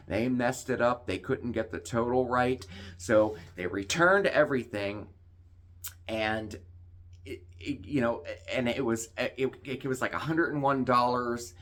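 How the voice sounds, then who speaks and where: Indignant man ranting to camera. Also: mid-range voice. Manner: indignant, animated, acts out other people's lines. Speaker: vlog co-host. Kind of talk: casual storytelling rant.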